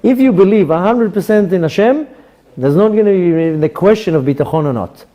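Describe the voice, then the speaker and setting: In a live Torah class, a rabbi animatedly acts out little dialogues as he teaches. His voice sits high and his pace is brisk.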